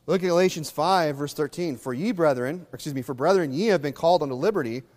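A pastor delivering a conversational sermon, acting out little scenes in other voices. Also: male voice, fairly high pitch, fast, hardly any pauses, a little mellow, in a large hall.

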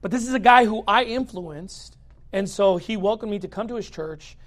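Speaking at a moderate pace in a high voice, a male pastor shares his personal story in a chatty, casual way. Filler "likes" abound, he performs quoted lines, and laughter breaks in now and then.

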